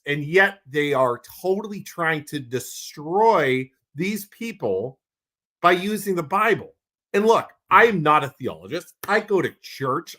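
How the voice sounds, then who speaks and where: A married man co-hosting a podcast, ranting heatedly and bluntly, repeating himself when worked up. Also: on the high side. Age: adult with a wife. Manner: calms down when making announcements. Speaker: podcast co-host. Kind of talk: passionate podcast rant.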